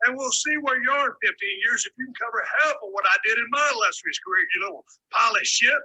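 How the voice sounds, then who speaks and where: A man's voice: extremely high pitch, quick pace, pushed and bright, husky, heavily acted, poor audio. A man playing an irate veteran wrestler hosting a podcast, cussing and threatening a younger guest. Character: irate veteran wrestler host, male, older. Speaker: wrestling podcast host, played from a clip. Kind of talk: staged comedic argument.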